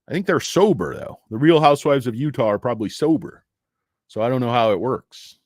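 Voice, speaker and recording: A man's voice: mid-range voice, expressive, brisk, darkish tone, no echo, clean studio sound. A man hosting a casual stock livestream, rambling and joking sarcastically as he talks to his chat from his office. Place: home office.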